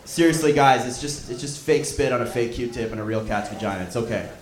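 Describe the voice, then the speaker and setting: A man's voice: mid-range voice, fairly quick. A man with a Canadian accent hosting and doing stand-up in a comedy club, loose and swearing. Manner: loose, swearing, loud crowd-hyping. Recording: roomy club echo.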